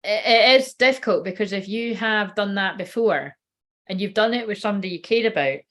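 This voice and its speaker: A woman's voice: medium pitch, a little fast, fairly bright tone. A woman in her late thirties giving a casual live-stream card reading, rambling, swearing freely and breaking off mid-sentence. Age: late 30s. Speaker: oracle card reader.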